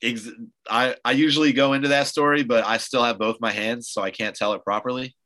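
A man's voice: medium pitch, fairly even intonation, fairly quick, sharp tone, poor audio. A man hosting a podcast, chatting casually and rambling through stories with lots of filler words. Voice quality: loose, rambling storyteller with many fillers. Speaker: podcast host. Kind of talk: casual chat.

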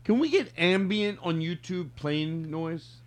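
A man's voice: fairly high pitch, lively intonation, measured pace. A man hosting a podcast in casual chat, playful and laughing easily as he directs the bit. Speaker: podcast host.

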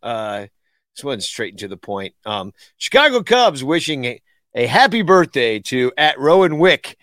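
Male podcast co-host, jokey banter, bouncy pitch, dry close sound. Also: big pitch swings, unhurried, fairly bright tone, no echo. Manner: laughing, joking banter. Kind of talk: casual chat.

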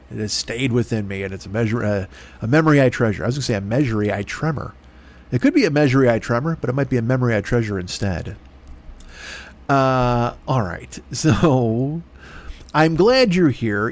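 A middle-aged man telling a long, profane, self-deprecating story in a rambling podcast monologue. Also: mid-range voice. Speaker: podcast host.

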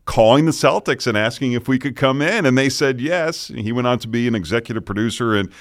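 A middle-aged man with a General American accent, a news anchor telling relaxed, self-deprecating stories in a casual interview. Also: mid-range voice, fast, no echo, studio quality. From Boston area, US. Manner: relaxed storyteller, self-deprecating, chuckles often. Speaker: morning news anchor, podcast guest. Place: podcast studio.

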